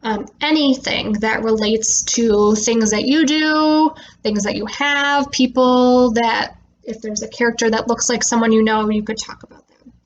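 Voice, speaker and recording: A woman speech therapist explaining reading tips to parents in a relaxed way, with frequent "um" fillers, slowing down to stress words when she models them. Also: fairly high pitch, highs cut off, a little hiss or hum. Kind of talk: instructional talk to parents.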